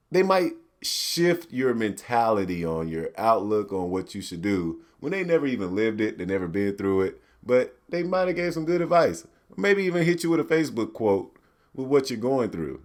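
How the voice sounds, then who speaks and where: A man hosting a podcast, ranting casually in a profane, animated way and slipping into mock quotes. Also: mid-range voice, moderate pace. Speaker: podcast host. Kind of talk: solo ranting commentary.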